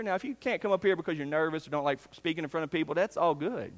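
A male pastor preaching a sermon, earnest, swinging from loud emphasis down to hushed, near-whispered lines. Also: fairly high pitch, expressive, fast. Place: church sanctuary. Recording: long reverb of a church hall.

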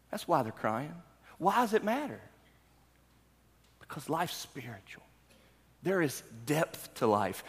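A pastor in his thirties preaching a sermon, talking with his congregation and asking them questions before he builds to loud, emphatic preaching. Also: medium pitch, breathy edge. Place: church hall. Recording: long hall reverb.

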